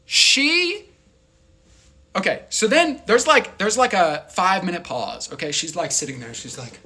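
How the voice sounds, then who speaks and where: A young man telling a story in a rambling, animated way, full of filler words. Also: high voice, a little slow, slightly rough. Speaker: vlogger. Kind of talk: casual storytelling.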